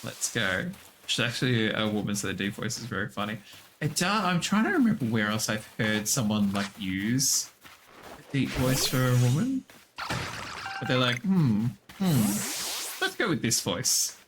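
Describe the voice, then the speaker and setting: A male gaming streamer gives casual, playful commentary as he plays, cooing and squeaking high at the creatures he encounters. He sounds animated and talks at normal speed, with background noise present.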